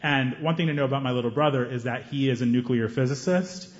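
A man performing a stand-up set on stage with a handheld mic, animated and acting out scenes, breaking into high excited yelps. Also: fast talker. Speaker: stand-up comedian. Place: comedy stage before a live audience. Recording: roomy, slightly dull live recording.

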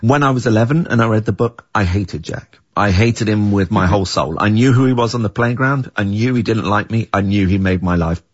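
A man's voice: fairly low pitch, a little fast, slightly rough, dry recording. A middle-aged man, the creator and writer of a series, answers interview questions thoughtfully, often restarting his sentences. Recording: dull, dry, lo-fi sound.

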